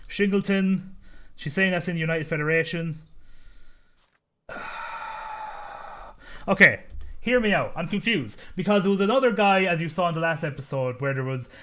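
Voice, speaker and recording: A man commentating his own gameplay, animated and jokey, swearing in mock outbursts. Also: fairly high pitch, moderate pace, long pauses, slight background noise. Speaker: let's play host.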